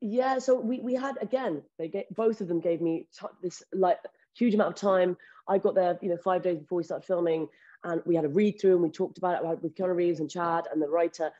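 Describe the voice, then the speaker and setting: A woman actress being interviewed in casual chat, candid and quick, swearing now and then. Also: on the low side, warm tone. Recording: dull lo-fi audio.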